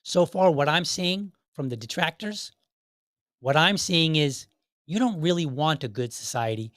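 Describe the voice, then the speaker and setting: A man's voice: a little high, lively intonation, unhurried, fairly bright tone, no echo, clean studio sound. A man hosting a podcast, delivering a heated, combative monologue full of rhetorical questions and mocking mimicry of his critics. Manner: mocking voices for imagined people. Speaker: podcast host. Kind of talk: opinionated commentary monologue.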